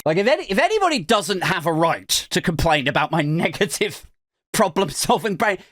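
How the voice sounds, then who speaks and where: A man's voice: high-pitched, big pitch swings, moderate pace, fairly bright tone, dry recording, clean studio sound. A man hosting a podcast, chatting casually and sardonically about a news story, laughing at his own asides. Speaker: podcast host. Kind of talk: casual commentary reading news.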